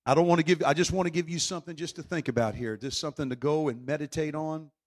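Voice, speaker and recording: Male preacher, fervent, fairly high-pitched, loud swings between shouting and hush. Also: fairly even intonation, fast talker. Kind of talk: sermon.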